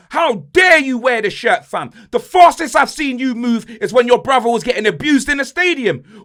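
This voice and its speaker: A man's voice: very high voice, sharp tone. A young man, a podcast host ranting angrily about his football team, swearing and fuming. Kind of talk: football rant.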